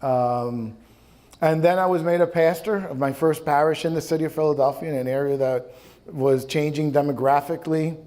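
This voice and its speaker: A man's voice: on the high side, moderate pace, mellow. A man in his fifties from the New York area, a bishop telling wry personal stories to a live audience with plenty of ums and uhs. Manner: wry anecdotal storytelling, many ums and uhs. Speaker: bishop, guest speaker. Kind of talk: storytelling talk to a young adult audience. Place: live talk event before an audience.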